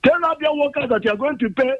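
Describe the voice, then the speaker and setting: Nigerian caller, high voice, muffled phone sound, kind of preachy, trips over words. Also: male voice, quick pace. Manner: earnest, lecturing, stumbling over words. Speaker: radio caller. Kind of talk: phone-in call. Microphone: telephone. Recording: dull phone line.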